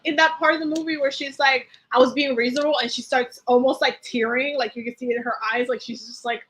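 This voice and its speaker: A high-pitched woman talks through a live tarot reading in a loose, chatty way. She rambles with many fillers and restarts, and she acts out the feelings she describes in an animated way. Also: slight background noise, low-quality recording. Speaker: tarot reader.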